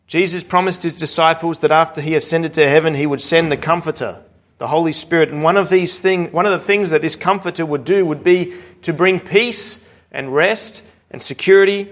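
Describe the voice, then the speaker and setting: Earnest, slightly high-voiced male preacher. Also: fairly bright tone. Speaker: pastor. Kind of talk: sermon.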